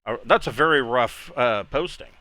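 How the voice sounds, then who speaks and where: A man's voice: medium pitch, bright, forceful tone, dry recording, natural voice. A man voicing a stiff, awkward male engineering officer who hesitates and stumbles over his words. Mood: hesitant. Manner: hesitant, halting.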